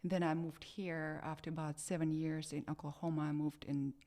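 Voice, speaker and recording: A woman with a Russian accent talks casually in an interview. Her voice sits slightly low, and her speech is full of fillers, restarts and lively bursts. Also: brisk. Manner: hesitant, many fillers and restarts, animated. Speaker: actress, interview guest.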